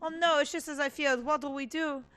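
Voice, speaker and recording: A woman's voice: high voice, fairly even intonation, a little fast, a bit bright, pitched above the performer's own voice. A woman voicing a cowardly, boastful male duck police officer in a game, nervous and full of himself.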